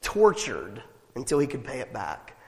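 A man preaching a sermon as pastor, emphatic and animated, asking his listeners rhetorical questions. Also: mid-range voice, moderate pace, long reverb tail.

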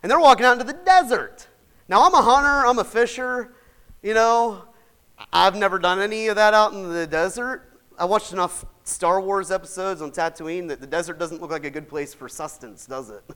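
A man preaching a sermon in a folksy, chatty way, laughing often and swinging from shouts to soft asides. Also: sits high, moderate pace, clean tone. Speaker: pastor.

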